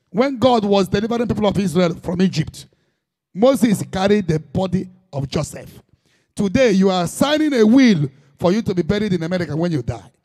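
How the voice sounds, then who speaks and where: A man's voice: high-pitched, darkish tone. A man preaching an impassioned sermon in Igbo-accented Nigerian English, dropping in Igbo phrases.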